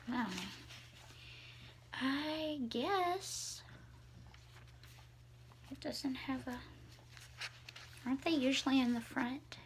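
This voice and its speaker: A young adult woman vlogging in a soft-spoken, awed way, often hushed, chatting and reading aloud. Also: high voice, extremely slow, pauses often, slight background noise. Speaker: vlogger showing thrift finds. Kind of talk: casual vlog chat and reading aloud.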